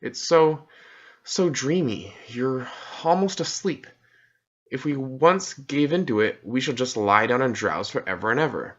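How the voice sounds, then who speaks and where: A man's voice: medium pitch, animated, unhurried, a bit bright. A man reading an audiobook, voicing a dreamy, sensible young girl in a lifted, lilting voice. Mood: earnest. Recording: dull lo-fi recording.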